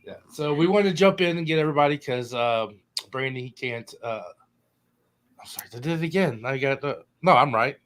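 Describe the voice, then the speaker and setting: A man's voice: medium pitch, fairly quick. A man hosting a live paranormal podcast in an easy, rambling way. He talks casually, fumbles names now and then and laughs it off. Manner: loose, rambling, trips over guests' names. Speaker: podcast host. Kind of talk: casual live-stream chat.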